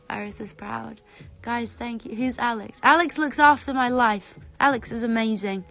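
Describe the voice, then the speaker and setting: A woman's voice: on the high side, a little slow, creaky, long pauses, soft background music. Bubbly young woman on a phone livestream. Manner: bubbly, excitable, reads comments aloud. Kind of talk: casual live stream chat.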